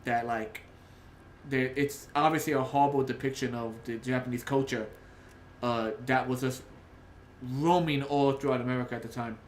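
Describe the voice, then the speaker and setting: A man talks loosely on a livestream, drifting from point to point and leaning on "like" while he thinks. His voice sits at an ordinary middle pitch. The room has a noticeable echo, with a faint hiss underneath. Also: steady tone, moderate pace. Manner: rambling, filler-heavy with frequent "like". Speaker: artist streamer. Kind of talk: casual livestream chat.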